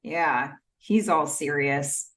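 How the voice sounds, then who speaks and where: A woman co-hosting a podcast, chatting casually about a TV episode and acting out the characters' lines in quick bursts. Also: low-pitched, a bit bright. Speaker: podcast co-host. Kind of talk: casual TV recap chat.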